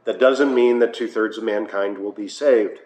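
The speaker is an American pastor whose lowish, slightly mellow voice moves at a moderate pace. He leads a Bible study in a church hall in a conversational way, with uhs and wry asides, recorded in an echoey room with faint noise.

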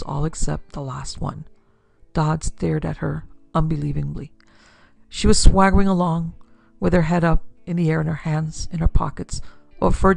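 A woman narrating a classic pulp detective story in a steady, measured way. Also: low-pitched, gravelly, no echo. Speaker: narrator and producer. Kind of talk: scripted audiobook narration.

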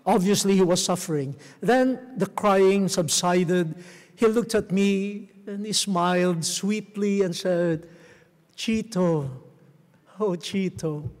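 A middle-aged man from the Philippines, a cardinal, giving a gentle storytelling talk with soft chuckles to a theatre audience. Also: high voice, takes it slowly. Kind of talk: homily-style talk to a live audience. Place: large theatre. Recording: long reverb of a large theatre.

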